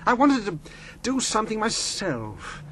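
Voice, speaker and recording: A flustered gentlemanly friend. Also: male voice, high-pitched, huge pitch swings, unhurried, a little hiss or hum, full character voice. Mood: defensive. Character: anxious gentlemanly friend with a false leg. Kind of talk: radio drama acting.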